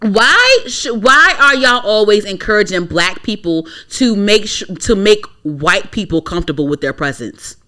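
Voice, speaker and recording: A woman's voice: medium pitch, lively intonation, moderate pace, hardly any pauses, sharp tone. A young woman from the Washington DC area co-hosting a podcast, talking bluntly and profanely in a ranting, casual opinion chat. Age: young adult. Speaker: podcast co-host.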